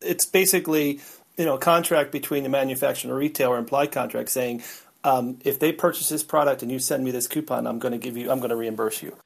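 A man's voice: mid-range voice, fairly even intonation, fast, gravelly, slightly rough. A man who heads a trade association, explaining loosely with fillers in an interview. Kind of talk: interview answers.

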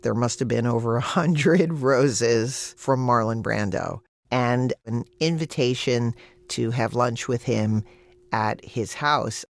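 Animated woman telling a personal story. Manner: animated, pitch leaps up for emphasis, laughs through lines. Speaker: actor telling an anecdote.

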